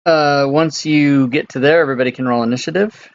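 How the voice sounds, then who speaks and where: Laid-back male dungeon master, lo-fi mic. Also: fairly high pitch. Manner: relaxed, halting narration with many fillers. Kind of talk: running a tabletop game over voice chat. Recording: dull lo-fi mic.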